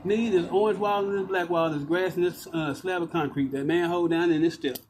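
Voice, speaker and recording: A man's voice: high voice, steady tone, a little fast, a little mellow, slight background noise, poor audio. A man ranting into his phone outdoors, agitated, profane and repetitive. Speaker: vlogger ranting to camera. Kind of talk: rambling outdoor rant. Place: outdoors by walls and concrete.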